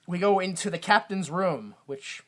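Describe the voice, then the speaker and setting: With a high-pitched voice, a comedy podcast co-host runs through a film in a casual recap, frequently laughing and voicing the characters in rapid, goofy impressions.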